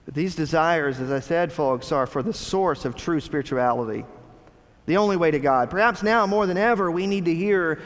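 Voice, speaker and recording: Earnest pastor preaching in a reverberant hall. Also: male voice, on the high side, moderate pace. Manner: earnest, rhetorical questions to the congregation. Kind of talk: sermon.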